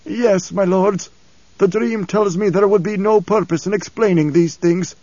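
A man's voice: high voice, steady tone, a little slow, warm tone, no room sound, dull audio, pitched above the performer's own voice. A man voicing a cold, proud, masked old dream interpreter with a bitter twang. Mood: cold, cryptic.

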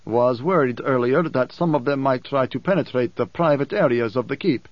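A man's voice: mid-range voice, normal speed, no room sound, lo-fi sound, close to an everyday voice. Stilgar, a man voicing a terse warrior chief. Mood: blunt. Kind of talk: audiobook character voice.

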